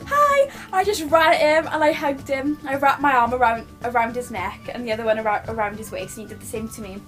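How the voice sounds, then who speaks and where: A woman's voice: a little high, fairly even intonation, fast talker, soft background music. A young British woman telling a personal story to her camera at home, gushing and rambling with lots of restarts. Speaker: vlogger.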